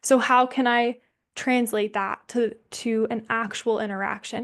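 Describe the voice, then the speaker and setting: A young woman leading an online somatics workshop over a video call, speaking casually and candidly, swearing freely and thinking aloud with pauses. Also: a little high, fairly even intonation, fairly bright tone.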